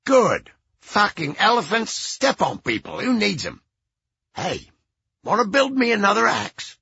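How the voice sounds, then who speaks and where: A man's voice: sits high, huge pitch swings, a little slow, vocal fry, pushed and bright, slightly rough, no room sound, voice pushed up, exaggerated voice. A man voicing a crude, cranky old ex-rocker who talks in a blunt, profane way, on a slightly dull recording. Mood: gruff. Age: older.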